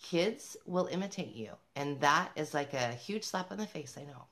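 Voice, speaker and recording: A deep-voiced woman, a bit bright, with lively intonation and a moderate pace, speaks to camera as a parenting vlogger. She's emphatic and upbeat in her motivational talk, directly addressing other mothers and laughing between points.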